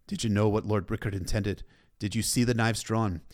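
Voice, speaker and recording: A man voicing a stern young king who speaks in a measured, commanding way. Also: fairly low pitch, fairly even intonation, darkish tone, lightly acted.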